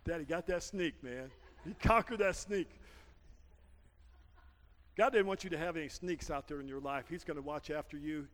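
A man preaching a sermon as pastor, telling a story and rising to shouted peaks. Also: a little high, normal speed, long pauses. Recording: church hall reverb.

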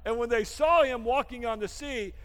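A man preaching a lively sermon, laughing often and swinging from shouts down to hushed asides, with a folksy habit of saying "man.". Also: extremely high pitch, normal speed, big-room sound. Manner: folksy, calls everyone "man". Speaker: pastor.

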